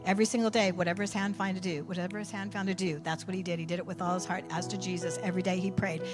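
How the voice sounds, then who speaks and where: A woman preaching a sermon, telling a story with animated swings from quiet asides to near shouts. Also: fairly low pitch, racing, hardly any pauses, music in the background.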